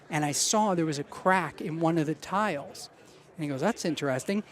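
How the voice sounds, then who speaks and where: Animated man telling a story. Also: fairly high pitch, a little fast. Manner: animated anecdote-telling with quoted voices. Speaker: podcast guest. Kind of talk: casual storytelling.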